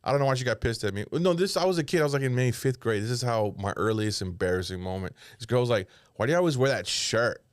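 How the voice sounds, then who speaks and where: A man's voice: medium pitch, quick pace, hardly any pauses, clear, resonant tone, no echo, studio quality. A man co-hosting a comedy podcast, telling stories in a profane, laughing, casual way. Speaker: podcast co-host.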